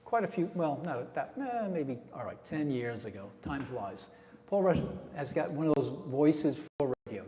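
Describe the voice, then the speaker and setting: A man's voice: on the high side, big pitch swings, moderate pace, warm tone. A man leading a radio club meeting, telling a rambling casual story to the members. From New Jersey. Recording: echoey hall with long reverb.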